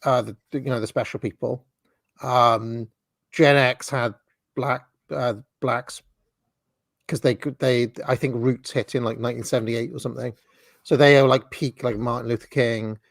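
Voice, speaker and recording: A man in his forties hosts a relaxed chat over a video call, dry and wry, often chuckling and restarting his sentences. His voice sits mid-range and the sound is close and dead, with no room around it. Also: mid-range voice, moderate pace, creaky, dry recording. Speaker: host. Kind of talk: casual chat commenting on videos.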